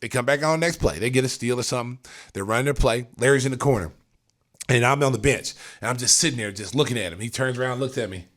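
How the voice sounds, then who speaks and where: Animated man telling stories on a podcast. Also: fast talker. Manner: animated, acts out quotes with big jumps in pitch and volume. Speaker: podcast host and former pro player. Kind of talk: casual storytelling on a podcast.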